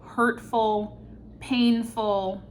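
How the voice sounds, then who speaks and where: A woman's voice: on the high side, fairly even intonation, very slow, slight background noise. A woman giving an intuitive tarot reading, earnest and searching for words with many fillers. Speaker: tarot reader.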